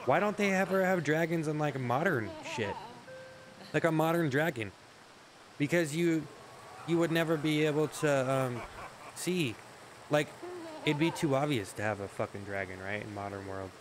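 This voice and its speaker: A man's voice: mid-range voice, background noise. A man rambling through a comedic monologue, often cutting himself off, swearing and joking. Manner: rambling, self-interrupting, swears often, jokey. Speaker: comedy vlogger.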